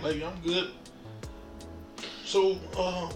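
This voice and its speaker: Animated man telling a story, echoey room. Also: sits high, slow pace, pauses often. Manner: animated, laughs often, acts out quotes, says "man" a lot. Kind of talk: casual storytelling. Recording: echoey room with faint music.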